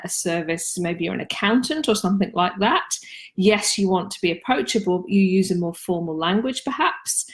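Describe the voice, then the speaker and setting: A woman, talking casually and practically about marketing tips on a live stream, with frequent ums. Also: on the low side. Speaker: marketing consultant and host.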